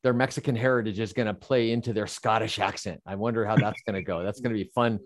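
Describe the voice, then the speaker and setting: A man's voice: on the low side, steady tone, fast talker. A man co-hosting a podcast, chatting casually with playful banter. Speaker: podcast co-host. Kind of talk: casual chat.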